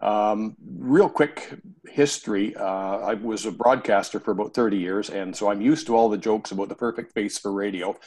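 A middle-aged man from Canada, a dementia care trainer chatting as a guest on a podcast in a relaxed, drawling way with many pauses. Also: lowish voice. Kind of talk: casual podcast chat.

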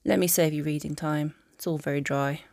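A woman voicing a remorseful young male aristocrat wizard in a fan audiobook, speaking softly and haltingly. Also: low voice, fairly even intonation, creaky, no room sound, studio quality. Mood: dry. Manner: soft, halting confession.

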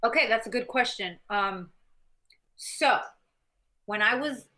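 A middle-aged woman from the US Midwest, a guest telling animated stories in an interview and acting out other people's lines. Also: on the high side, slow. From Missouri, US Midwest. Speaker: guest, former champion fighter and stuntwoman. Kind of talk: interview storytelling.

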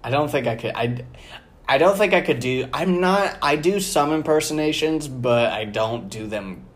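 Casting: young woman podcast host, very low voice, lively and playful chat. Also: normal speed. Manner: playful, chatty, laughs often.

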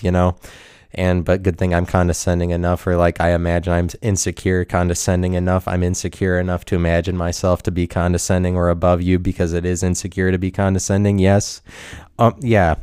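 A man delivering a rambling, scattered monologue, cursing often and breaking into sudden loud outbursts. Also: low-pitched, smooth, dry recording, studio quality.

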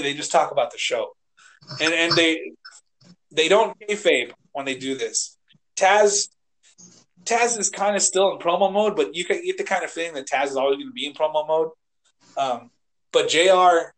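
A man co-hosting a casual podcast, rambling and animated, swearing and acting out quotes as he retells scenes. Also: on the high side. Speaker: podcast co-host. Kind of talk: casual chat.

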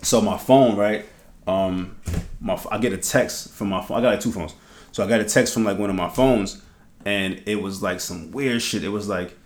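A man's voice: on the low side, normal speed. Slangy storytelling podcast host man. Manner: animated storytelling, laughing, heavy slang and swearing. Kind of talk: casual chat. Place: podcast studio. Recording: echoey room.

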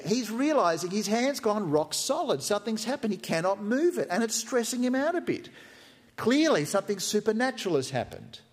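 A man's voice: on the high side, long reverb tail. A man preaching a sermon in a church, conversational and humorous, often acting out quotes. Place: church hall with live stream.

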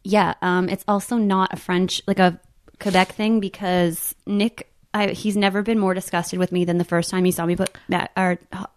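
A woman's voice: on the low side, little pitch movement, moderate pace, no room sound. A woman in her thirties, a podcast guest chatting casually, laughing often and acting out quotes. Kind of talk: casual chat.

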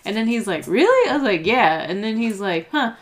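A woman's voice: medium pitch, fairly quick. Chatty woman acting out a story. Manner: animated storytelling, acting out quotes. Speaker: podcast co-host. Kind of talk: casual chat.

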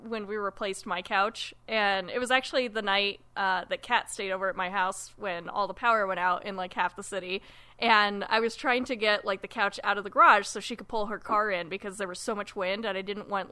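A woman co-hosting a casual podcast chat, a parent telling animated stories and laughing often. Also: mid-range voice, moderate pace, smooth. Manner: giggly, animated storyteller. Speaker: podcast co-host.

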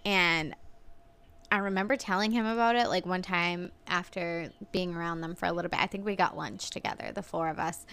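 Mulher expressiva contando histórias num podcast. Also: female voice, brisk, smooth. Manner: expressive storyteller, mimics people in big pitch jumps. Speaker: podcast co-host. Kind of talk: casual chat.

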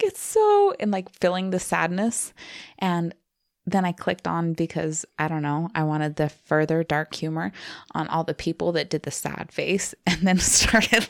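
A woman's voice: on the low side, vocal fry, no room sound, clean studio sound. A woman co-hosting a casual podcast chat, telling rambling stories with lots of giggles. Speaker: podcast co-host.

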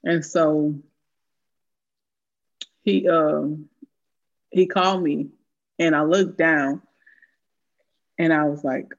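A woman's voice: sits low, drawn-out words, long pauses. A woman telling a story in casual chat, swearing freely and laughing often. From American South. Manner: profane, animated, laughing often. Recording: dull lo-fi sound.

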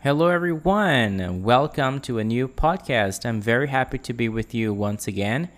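A man teaching a French pronunciation lesson on a podcast, speaking clearly and repeating words for listeners to copy. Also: mid-range voice, lively intonation, moderate pace, a bit bright.

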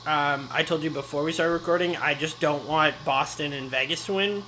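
A man's voice: fairly high pitch, a little fast, pushed and bright, slight background noise, rough recording. A young man co-hosting a podcast, dry and teasing in a casual sports chat. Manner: dry, teasing, matter-of-fact. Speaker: podcast co-host.

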